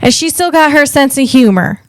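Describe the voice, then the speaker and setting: A woman's voice: sits high, lively intonation, moderate pace, dry recording. A woman from the Northeast US hosting a casual comedic podcast, chatty and rambling, often restarting her sentences.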